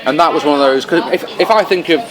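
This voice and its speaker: A man co-hosting a casual podcast, chatty and swearing casually, recorded in a fast-food restaurant. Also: fairly high pitch. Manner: chatty, swears casually, talks while eating. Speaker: podcast co-host. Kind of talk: casual chat. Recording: noisy crowded restaurant. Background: busy restaurant crowd chatter.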